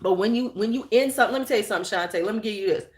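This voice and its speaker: A woman's voice: medium pitch, rapid-fire, roomy sound. Blunt, profane woman chatting live. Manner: blunt, profane, animated storyteller; reads and answers viewer chat. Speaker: channel host. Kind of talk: casual livestream chat.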